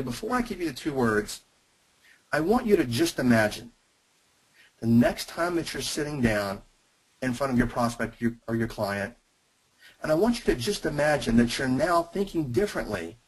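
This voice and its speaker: A man's voice: medium pitch, husky, low-quality recording. A man presenting a sales webinar, speaking emphatically and addressing his listeners directly. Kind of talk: teaching webinar call.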